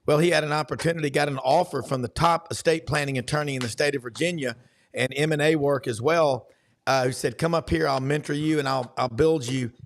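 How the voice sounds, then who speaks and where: Gravelly, folksy Southern sports host. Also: male voice, on the high side. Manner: folksy, rambling with many fillers. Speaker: podcast host. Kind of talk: casual sports talk.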